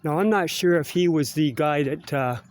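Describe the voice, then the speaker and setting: A fairly high-pitched middle-aged man with a Canadian accent talks at a moderate pace as he wanders around school grounds outside. The vlogger is chatty and meandering, tacking "eh?" onto his sentences, and the recording carries a little hiss or hum.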